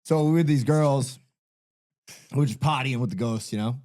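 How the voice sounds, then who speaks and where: A man's voice: mid-range voice, normal speed, darkish tone. Profane man spinning a yarn. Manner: profane, rambling storyteller. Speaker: guest. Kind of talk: casual podcast storytelling.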